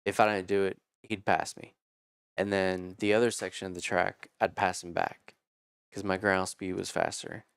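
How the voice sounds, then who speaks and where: Man, 30s, low smooth voice, dry close sound; casual storyteller who curses and acts out quotes. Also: moderate pace, no echo. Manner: animated, swears freely, acts out quotes. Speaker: podcast guest telling racing stories.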